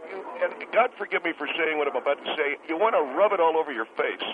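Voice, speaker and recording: A man's voice: on the high side, expressive, fast, a crowd in the background, close to an everyday voice. A man playing a bitter, self-important restaurant owner calling into a talk show, stammering and indignant. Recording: tinny phone line with hiss.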